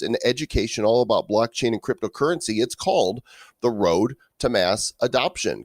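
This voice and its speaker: Playful low-voiced male podcast host. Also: no room sound, clean studio sound. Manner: playful, jokey, reads promos with bursts of emphasis. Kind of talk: casual chat.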